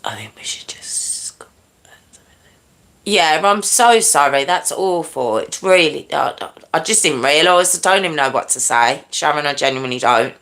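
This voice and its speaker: A woman chats with her live viewers in a bright, sparkling voice that swings up and down all the time. She talks in loose, apologetic bursts and sometimes drops to a whisper. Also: sits low, lively intonation, moderate pace, few pauses. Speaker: livestream host. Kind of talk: casual live chat with viewers.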